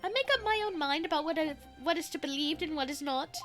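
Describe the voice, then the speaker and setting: A woman puts on an eccentric gentleman detective from a story game, breezy and grandly philosophical. The voice sits high and bright for a man. It is delivered as a game read-aloud. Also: fast talker, faint music behind. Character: airy eccentric male British detective.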